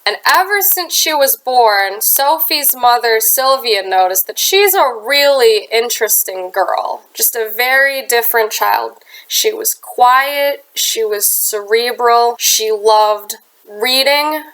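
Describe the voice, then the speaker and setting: A young woman with a Midwestern accent hosts a true crime story, her voice a touch high and thickened by a sinus infection. She talks earnestly and chattily, dropping in casual asides. The home recording sounds harsh and clips now and then. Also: expressive, takes it slowly, a bit bright, poor audio. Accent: American Midwestern. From United States. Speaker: true crime channel host.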